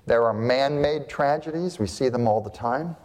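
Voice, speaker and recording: A man's voice: medium pitch, normal speed, darkish tone. A male pastor delivering a sermon to his congregation, emphatic, with rhetorical questions and repeated phrases. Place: church sanctuary. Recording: long hall reverb.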